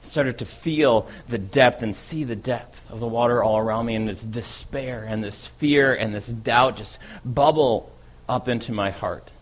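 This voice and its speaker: An eager, bold fisherman apostle, as a man plays him in a first-person dramatic monologue. He tells his story in a loose, conversational way. He keeps checking in with a quick "right?". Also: medium pitch, close to an everyday voice. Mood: wondering.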